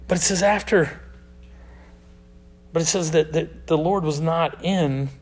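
Young male youth pastor with a high voice. Casual sermon, loud stressed lines that drop to hushed asides. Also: a little slow. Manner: swings between loud emphasis and hushed, dropped asides; casual, talks to the audience as dude and man.

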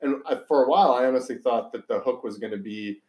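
A man's voice: mid-range voice, quick pace, a little mellow. A man co-hosting a casual film review chat, rambling and musing aloud with many restarts. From United States. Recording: roomy echo.

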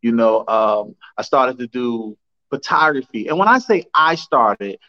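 A man's voice: medium pitch, animated, measured pace, sharp tone. New guy telling stories on a podcast, laid back and slangy, kinda dull lo-fi sound. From New Jersey. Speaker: guest, councilman and rapper. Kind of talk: casual interview talk.

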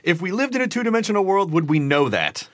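A man's voice: sits high, very animated, fast, fairly bright tone, dry recording, clean studio sound. A man hosting a casual comedic chat, asking joking, self-deprecating questions. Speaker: podcast host.

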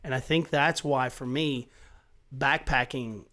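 Profane, animated middle-aged man. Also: mid-range voice, measured pace. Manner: animated and profane, swears often, voice rising as he gets worked up. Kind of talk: casual chat.

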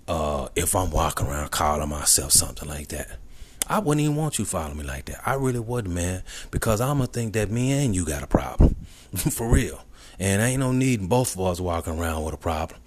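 A man's voice: very deep voice, slightly rough. A man giving a confident, boastful motivational monologue, repeating emphatic declarations.

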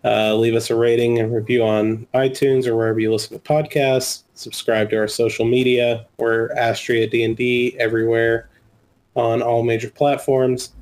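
A man hosting a tabletop game podcast as game master, wrapping up the session in a relaxed, upbeat way. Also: mid-range voice, normal speed.

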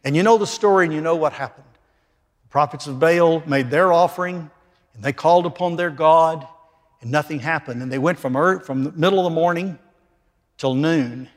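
Guy preaching a sermon, kinda high voice, goes loud then real quiet, big echoey hall. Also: normal speed. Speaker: pastor. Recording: long reverb of a large hall.

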